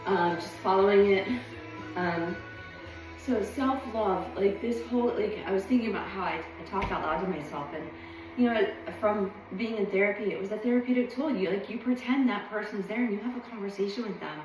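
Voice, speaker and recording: A woman's voice: medium pitch, fairly quick, distant mic. A woman vlogging at home, rambling thoughtfully with lots of ums and hesitations. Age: adult. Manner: meandering, reflective, many ums. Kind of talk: casual rambling monologue. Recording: echoey room, voice off-mic, faint music.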